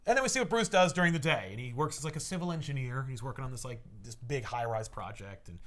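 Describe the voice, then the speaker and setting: A man chatting casually on a podcast, retelling a comic book plot with lively acted-out voices. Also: medium pitch, fast talker. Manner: animated storytelling, acts out characters with shouts and laughs. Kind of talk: casual chat.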